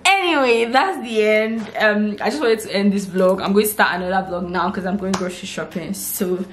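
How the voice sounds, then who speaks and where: A woman's voice: medium pitch, a little fast. A young woman in her twenties with a Nigerian accent, vlogging and telling a story casually, acting out what people said. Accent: Nigerian English. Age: 20s. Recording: roomy echo, faint background hiss.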